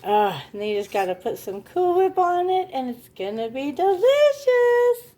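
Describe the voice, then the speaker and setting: A woman's voice: very high voice, big pitch swings, normal speed, dark tone. A woman hosting a casual family vlog, gushing and encouraging in a motherly way. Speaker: family vlog host, parent.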